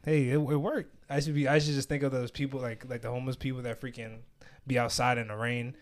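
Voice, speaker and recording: A man's voice: mid-range voice, flat delivery, quick pace. A young man hosting a podcast, telling stories in casual chat with lots of slang and frequent laughter. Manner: loose slang-heavy storytelling, laughs often. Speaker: podcast host.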